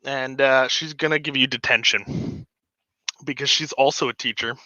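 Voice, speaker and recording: A man's voice: mid-range voice, fairly even intonation, moderate pace, pushed and bright, no echo. A man hosting a casual live stream from his hobby room. He talks in an easygoing, chatty way and laughs often. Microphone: desk microphone. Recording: slightly dull lo-fi sound.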